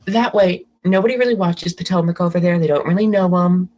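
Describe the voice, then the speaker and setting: Heard through a muffled recording, a podcast guest from around Washington DC talks in a high, slightly mellow voice at a somewhat fast clip. His gossip comes out chatty and rambling, full of restarts and self-corrections.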